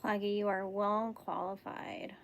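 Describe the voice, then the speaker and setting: A woman's voice: mid-range voice, little pitch movement, unhurried, no echo. A young woman from California with a Californian accent, hosting a casual crochet livestream, chatting bubbly with viewers and laughing often. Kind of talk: casual live-stream chat with viewers.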